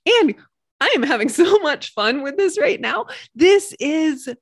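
A bubbly woman, a podcast host and coach, talks solo at a measured pace with a very animated voice that sometimes swings into high, squealing cheerleader-style praise. The sound is studio quality with no echo, though she uses a computer mic.

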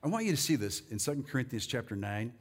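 A male pastor preaching a sermon, rallying the congregation and reading scripture slowly and deliberately. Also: medium pitch. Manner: animated, rallies the crowd with "come on".

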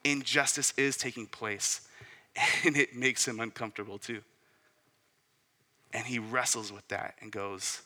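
Bright-voiced preacher in a reverberant hall. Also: male voice, medium pitch, steady tone, unhurried, pauses often. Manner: conversational preaching with asides and rhetorical questions. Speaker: pastor. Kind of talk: sermon.

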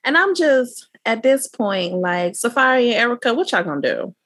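A woman's voice: fairly high pitch, very animated, moderate pace, fairly bright tone, dry recording, studio quality. A woman co-hosting a podcast, recapping a reality show in a conversational, matter-of-fact way. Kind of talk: casual chat.

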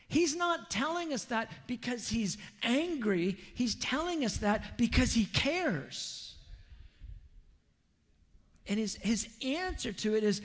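Man, sermon, high voice, unhurried, earnest and conversational, hall reverb. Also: animated, fairly bright tone. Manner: conversational, earnest, with self-deprecating asides and paraphrased quotes. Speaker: pastor.

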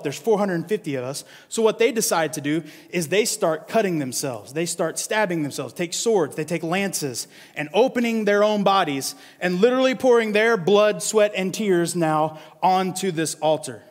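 A male pastor with a fairly high voice delivers a casual, animated sermon drawn from scripture, repeatedly checking in with listeners by asking "right?". A long reverb on his voice suggests a large hall.

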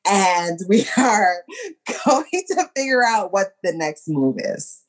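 A woman co-hosting a casual podcast chat, with a lilt. She rambles in a tipsy, playful way and keeps an ordinary middle pitch. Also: very animated, takes it slowly. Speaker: podcast co-host.

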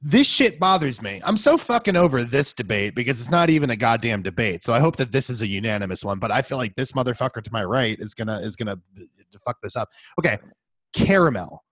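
A man's voice: mid-range voice, big pitch swings, quick pace, a bit bright, no echo. A man co-hosting a casual chat, ranting with emphatic profanity. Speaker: podcast co-host.

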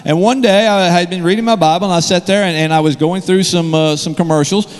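A man's voice: sits high, fairly even intonation, fast, big-room sound. Joking man preaching in a ringing church. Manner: joking, conversational, rambling asides. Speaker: guest preacher. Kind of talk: sermon. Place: church sanctuary. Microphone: handheld microphone.

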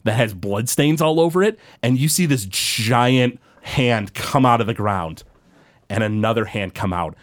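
A man's voice: medium pitch, animated, unhurried. A man running a tabletop game as game master, narrating in a rambling way with many fillers.

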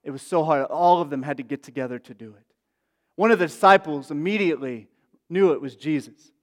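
A pastor speaks a little fast in a voice on the high side, keeping his sermon casual and chatty with lots of asides and fillers. A large hall's long reverb hangs around his words.

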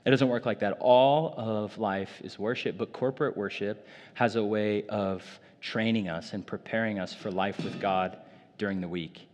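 A pastor preaches in a church's large hall, his voice on the low side, a little mellow and steady at a moderate pace. His sermon is informal and conversational, packed with casual filler words.

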